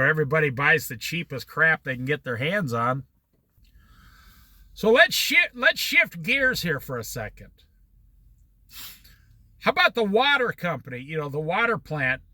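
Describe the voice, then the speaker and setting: A man's voice: fairly high pitch, sharp tone, no echo. A man giving a motivational talk in a folksy way, repeating his points for emphasis. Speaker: speaker.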